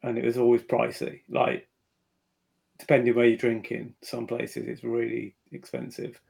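A man co-hosting a podcast in casual chat, talking hesitantly with many pauses and restarts. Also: mid-range voice, completely flat delivery, vocal fry, a little mellow. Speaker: podcast co-host.

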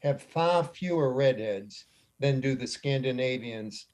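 A man's voice: medium pitch, expressive, measured pace, a little mellow. A man on a radio panel making wry, skeptical remarks in casual chat.

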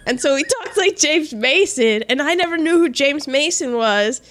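A woman's voice: high voice, animated, normal speed, fairly bright tone, slight background noise. A woman co-hosting a podcast, talking in a chatty, rambling, self-mocking way. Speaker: podcast co-host. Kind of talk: casual chat.

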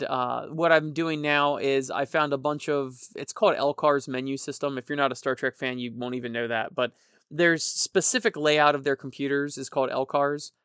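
A man's voice: medium pitch, fairly bright tone, clear, resonant tone, no room sound. A man hosting his own podcast, chatting casually in a joking, rambling way and laughing at his own stories. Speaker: podcast host. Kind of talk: casual solo podcast chat.

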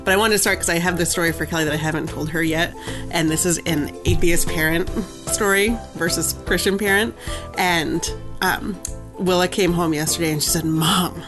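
A woman in her thirties trades stories on a casual podcast. Her voice sits a little low, and she tells each anecdote with lively energy. Faint music plays underneath. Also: a little fast. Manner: animated storyteller, acts out her kids' voices. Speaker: podcast co-host. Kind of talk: casual chat.

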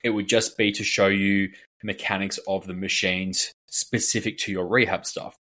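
A man with a fairly low voice tells a story on a casual podcast. He rambles and leans on filler words. He acts out the voices of the people in the story. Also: flat delivery, normal speed, bright, forceful tone. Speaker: fitness coach and podcast co-host.

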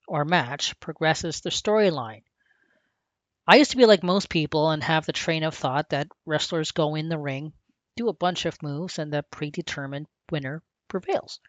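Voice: mid-range voice, no room sound. A podcast host from Canada, reading a scripted, earnest and reflective piece about a lifelong love of a sport. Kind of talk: scripted narration.

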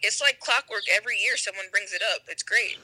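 A young man co-hosting a podcast, trading jokes and quick teasing comebacks in casual chat. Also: high-pitched, pushed and bright, rough recording. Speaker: podcast co-host.

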